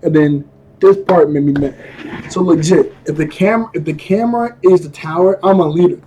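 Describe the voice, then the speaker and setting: A man's voice: on the high side, moderate pace, mellow, a little hiss or hum. A young man casually recapping a cartoon episode in a rambling, slangy way, often laughing and correcting himself. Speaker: episode reviewer.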